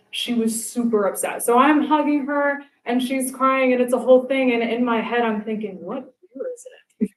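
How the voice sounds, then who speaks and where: A young woman performs stand-up on a live stage, her voice pitched a little high and bouncing around an echoey room. She tells her stories in an animated way and acts out the lines she quotes. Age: young adult. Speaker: stand-up comedian. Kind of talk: stand-up comedy set. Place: live comedy show stage.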